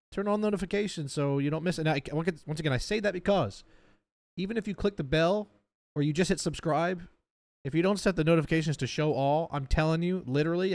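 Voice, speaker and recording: A man's voice: on the high side, dry recording. Man hosting a reaction video, blunt and heated, casual delivery, dry close sound. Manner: blunt, heated, talks straight to viewers.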